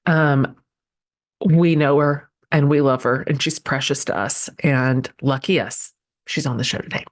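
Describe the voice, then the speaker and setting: A woman's voice: very deep voice, fairly even intonation, unhurried. A woman in her forties hosting a podcast, introducing her guest with gushing emotion and plenty of ums and restarts. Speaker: podcast host.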